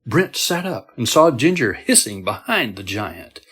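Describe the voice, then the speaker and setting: A man reading a horror story aloud in a steady, measured storytelling manner. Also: mid-range voice, husky. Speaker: story narrator. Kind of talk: scripted horror narration.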